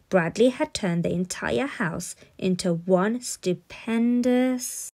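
A woman reading a children's storybook aloud in an expressive, playful way. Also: medium pitch.

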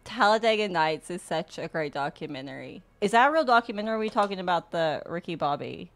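A woman's voice: on the low side, lively intonation, quick pace. A young woman from Mississippi streaming sim racing and chatting casually with viewers, laughing often and swearing now and then. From Mississippi, US South. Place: home sim racing setup. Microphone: desktop USB microphone.

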